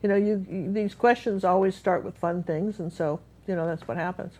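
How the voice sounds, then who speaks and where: A woman with a somewhat low voice leads a live painting lesson. She chats and tells stories as she paints, rambling with plenty of fillers and restarts. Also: steady tone, normal speed, darkish tone, rough recording. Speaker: painting teacher. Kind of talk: live painting class, chatty storytelling.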